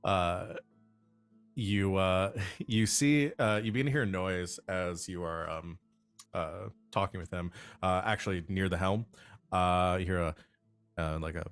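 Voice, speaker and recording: A low-pitched man narrates a tabletop game as its game master. He rambles, filling pauses with frequent uhs and ums. Soft music plays faintly underneath. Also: fairly even intonation, clear, resonant tone, no room sound. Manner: rambling, many fillers like uh and um.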